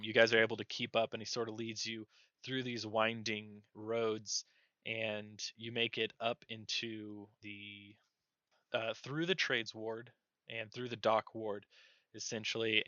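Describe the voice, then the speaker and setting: A man narrating as game master in a relaxed, chatty way. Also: lowish voice, no echo, lo-fi sound.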